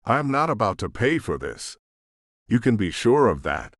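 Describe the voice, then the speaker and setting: A man voicing a shrill, haughty woman throwing a fit. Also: very animated, normal speed, no echo, studio quality. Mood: indignant. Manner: shrieking, haughty. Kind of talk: audiobook narration.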